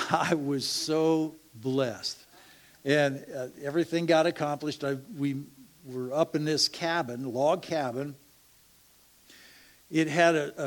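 A middle-aged man shares a personal testimony at church. His voice sits a little high, and he speaks slowly and haltingly. He often drops to a hush. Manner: slow, halting storytelling with laughs and hushed asides. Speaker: church member sharing a testimony.

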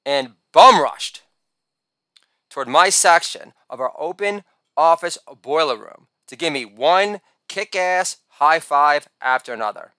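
A man narrating a comic memoir in a wry, rapid-fire storytelling manner, breaking into shouted catchphrase bursts. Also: on the high side, smooth, no room sound.

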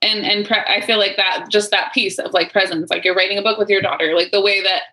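A woman with a bright, clear voice shares her thoughts in a relaxed conversation. She muses thoughtfully, leaning on "like" and trailing restarts. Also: medium pitch, fast, poor audio. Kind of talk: reflective conversational chat.

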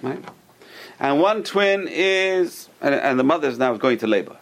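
Gravelly, animated male Torah teacher. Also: a little high, unhurried. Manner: animated storytelling with restarts and acted-out quotes. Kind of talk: religious class talk to a group.

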